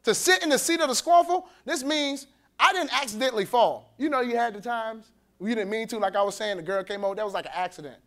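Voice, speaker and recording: A male pastor with a very high-pitched voice talks fast in an animated, colloquial sermon at a men's conference. He acts out the voices he quotes and laughs between points.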